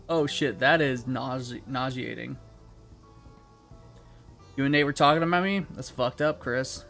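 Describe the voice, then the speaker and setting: A man's voice: medium pitch, unhurried, long pauses, a bit bright. A young man with an ordinary mid-range voice talks his way through a game stream, rambling and swearing easily. His delivery is laid-back and conversational, aimed at friends and chat. Faint game music plays behind him. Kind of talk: casual gaming stream chat.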